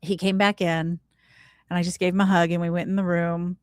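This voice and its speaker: A woman's voice: fairly low pitch, little pitch movement, a little fast, clear, resonant tone, no echo, clean studio sound. A woman as a podcast guest, telling a heartfelt personal story in a casual, earnest, reflective way, often saying "like". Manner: casual, earnest, leans on "like" while recounting; spiritual, reflective tone.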